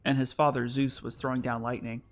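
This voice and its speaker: Excitable, laughing male game streamer. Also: medium pitch, brisk. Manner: excitable, laughing, self-deprecating rambling. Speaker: livestream host. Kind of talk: casual gaming livestream chat.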